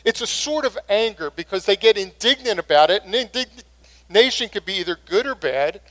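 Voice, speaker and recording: Man, pastor, high-pitched voice, earnest sermon, conversational delivery, middle-aged. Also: expressive, moderate pace, fairly bright tone.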